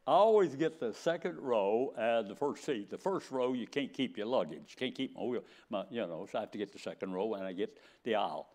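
Brief: older male preacher, folksy storyteller, animated voice, quoted dialogue acted out. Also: mid-range voice. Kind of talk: sermon storytelling.

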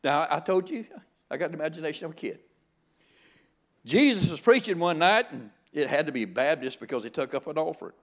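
An older man preaching with a slightly high voice. He keeps a folksy, joking tone throughout the sermon. He often trips over his words and starts his phrases again. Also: animated, a little fast. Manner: folksy and joking, with frequent stammered restarts. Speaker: guest preacher.

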